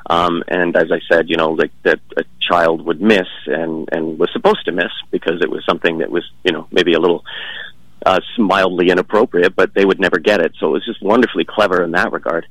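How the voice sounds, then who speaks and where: A man with a very deep voice answers interview questions about performing. He talks in a relaxed, halting way, full of fillers and restarts. The recording is dry and close. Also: no room sound, poor audio. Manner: hesitant, many fillers and restarts, chuckling. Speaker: stage actor, interviewee.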